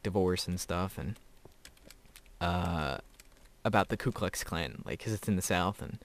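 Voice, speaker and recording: A teenage boy giving casual, rambling gameplay commentary, chatty and often breaking into laughter. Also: deep voice. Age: teens. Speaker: gamer.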